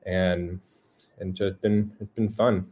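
A man with a lowish voice talks easily as a guest over a video call. He is a mental health coach and speaks in a relaxed, chatty way, often repeating a word before he goes on. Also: takes it slowly, slight background noise. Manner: relaxed, chatty, repeats words when starting. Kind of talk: casual interview chat.

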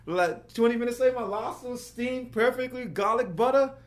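A man, a working actor, telling an anecdote as a guest and acting out the voices of the people in it. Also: a little fast. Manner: lively, acts out quotes with big pitch jumps. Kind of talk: animated storytelling.

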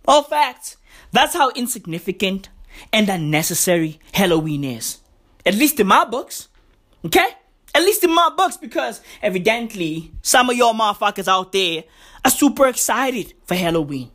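A woman's voice: medium pitch, sing-song, moderate pace, a bit bright. A woman delivering a profane, slangy comic rant to the camera, full of emphatic catchphrases. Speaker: comedian vlogger.

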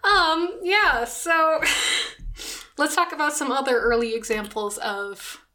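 Play a chatty young woman podcaster, laughing easily, voice a touch high. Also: pushed and bright. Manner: chatty, giggly, quick asides. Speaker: podcast co-host. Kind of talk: casual chat.

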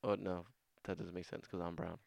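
A man co-hosting a casual podcast chat, slowly guessing answers to jokes and exclaiming often. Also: deep voice, flat delivery, gravelly, noisy background. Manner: slow, drawling, exclaims often. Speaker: podcast co-host.

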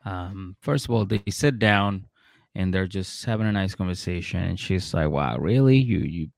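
A man's voice: deep voice, normal speed, vocal fry, no echo, clean studio sound. A man hosting a casual comedy podcast, retelling a reality show with swearing and laughter. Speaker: podcast host.

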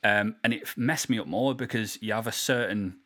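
A man's voice: fairly low pitch, normal speed, bright, forceful tone. A man hosting a podcast, laid-back, swearing casually and saying "yeah" and "you know" a lot. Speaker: podcast host.

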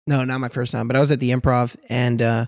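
Young male comic, casual podcast talk, animated and profane, dry close sound. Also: mid-range voice, fast talker, no echo. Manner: swears a lot, animated storytelling. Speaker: stand-up comic.

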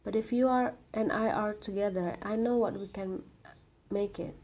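A woman's voice: medium pitch, fairly even intonation, moderate pace, a little mellow, lightly acted. Woman reading as a pleading young man. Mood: insistent. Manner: pleading, insistent. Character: earnest young male student in love.

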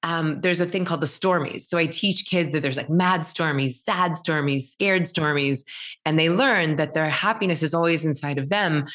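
A woman in her thirties, a meditation teacher, talking casually as a podcast guest and acting out quoted dialogue in animated stories. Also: low-pitched, moderate pace. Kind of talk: casual interview conversation.

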